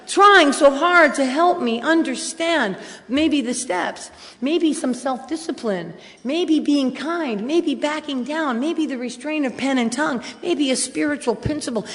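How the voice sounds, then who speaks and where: Blunt woman sharing at a convention. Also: sits high. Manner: blunt, self-mocking, swings loud and animated. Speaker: recovery meeting speaker. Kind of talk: personal share at a convention. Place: large hotel ballroom. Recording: hall reverb from a convention room.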